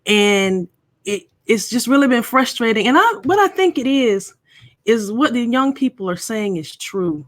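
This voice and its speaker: A woman's voice: mid-range voice, no echo. A middle-aged woman hosting a casual live stream, chatting and playfully teasing viewers.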